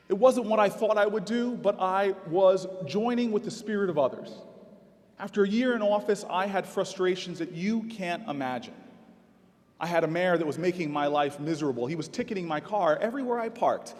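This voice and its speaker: A man's voice: high-pitched, normal speed. A man giving a commencement address as a city mayor, telling stories in a candid and emphatic way. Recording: long reverb of a large venue.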